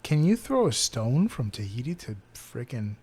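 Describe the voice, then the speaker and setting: A man co-hosting a podcast, quizzing his co-host in casual chat with quick asides. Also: mid-range voice, big pitch swings, a little mellow, husky.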